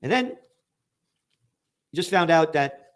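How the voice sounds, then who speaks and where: A man's voice: a little high, expressive, takes it slowly. An American man hosting a political commentary show, reading news headlines aloud and ranting about them with sarcastic, emphatic outbursts. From United States.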